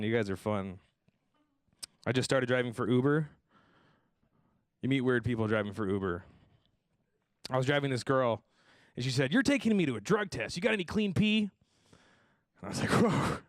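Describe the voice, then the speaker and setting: A young man hosting a stand-up comedy show, telling deadpan self-deprecating jokes and slipping into voices for the people he quotes. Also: mid-range voice, no echo, studio quality. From Tucson, Arizona area. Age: young adult. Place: comedy stage before a live audience.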